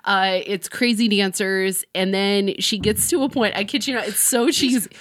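Young woman swearing thru a big animated story, dry close sound. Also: medium pitch, moderate pace, no room sound. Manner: animated storytelling, acts out quotes, swears often. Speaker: guest storyteller. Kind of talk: casual podcast chat.

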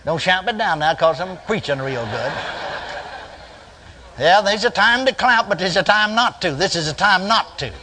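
An older man preaching a sermon, telling a folksy story that climbs into emphatic shouts. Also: high-pitched, expressive, normal speed, slight background noise, poor audio.

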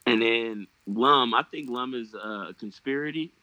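A man's voice: mid-range voice, moderate pace, bright, forceful tone, no echo, dull audio. A man hosting a podcast, chatting casually and jokingly about fantasy football trades, swearing and trailing off into fillers. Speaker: podcast host.

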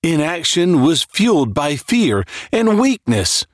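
A man giving a dramatic reading of a horror tale. His delivery is slow and brooding, and his pitch swings widely from low murmurs to sharp rises. The sound is close and dry, with no room echo. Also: very animated. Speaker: horror story narrator.

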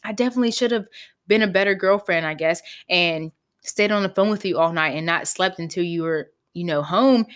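A young woman hosting a podcast, telling a personal story in a candid, animated way, swearing freely. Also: lowish voice, fairly quick. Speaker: podcast host. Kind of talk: casual storytelling.

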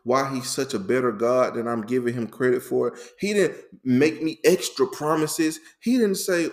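A man co-hosting a faith talk, telling his story in a lively, repetitive, conversational way full of slang. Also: mid-range voice, normal speed, hardly any pauses. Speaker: faith podcast co-host.

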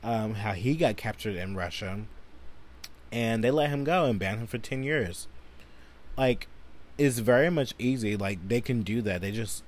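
A man's voice: on the low side, animated, measured pace. A man hosting a solo podcast, ranting angrily and profanely with lots of filler words. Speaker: podcast host.

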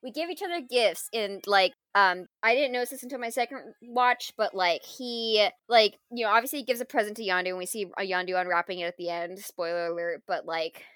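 A woman in casual conversation reviewing a film, animated and full of fillers and laughs. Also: mid-range voice, brisk, hardly any pauses, smooth, dry recording, studio quality.

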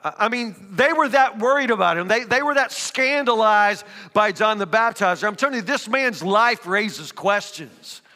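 Male preacher, high and bright, emphatic sermon delivery, reverberant church hall. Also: expressive, moderate pace, few pauses. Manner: reads scripture then builds to emphatic, rising preaching.

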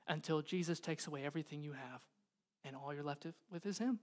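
A man in his thirties, a pastor preaching a sermon in a church, moving from loud pleading to hushed intensity. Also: on the high side, a little fast. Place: church hall.

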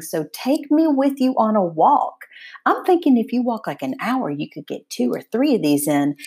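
A woman's voice: on the low side, darkish tone, slightly rough. A woman introducing her podcast episode in a gushing, enthusiastic way. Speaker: podcast host.

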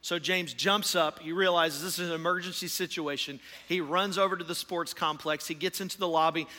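Impassioned preacher with a bright voice. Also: male voice, a little high, fairly even intonation, brisk. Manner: impassioned preaching, swings from hushed to loud storytelling. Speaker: pastor. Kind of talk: sermon. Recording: long hall reverb.

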